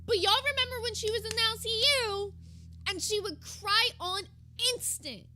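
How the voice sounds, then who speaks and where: A woman's voice: very high voice, moderate pace, bright, forceful tone, a little hiss or hum. A woman streamer giving gossipy, sarcastic commentary while reacting to another stream. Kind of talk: casual commentary.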